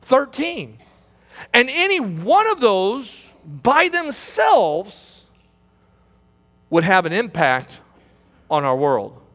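A man preaching a sermon from a pulpit. He swings between loud, high exclamations and low, quiet passages, and he repeats phrases. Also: huge pitch swings, slow pace, long pauses. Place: church sanctuary. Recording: long hall reverb.

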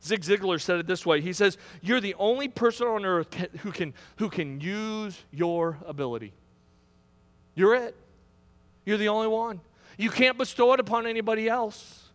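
A man's voice: sits high, moderate pace, fairly bright tone, long reverb tail. A middle-aged man preaching a sermon as pastor, building to emphatic, repetitive climaxes. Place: church sanctuary.

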